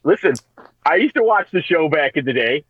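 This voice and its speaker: A man co-hosting a radio talk show, telling stories in a casual, animated way and laughing as he goes. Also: on the high side, brisk, breathy edge, dry recording, narrow, tinny audio. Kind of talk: casual storytelling chat.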